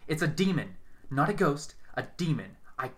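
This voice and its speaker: A man's voice: mid-range voice, expressive, moderate pace, lightly acted. A man voicing a brash young woman who poses as a psychic, dramatic and commanding as she leads a séance. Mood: stern. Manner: dramatic, commanding, shouts invocations.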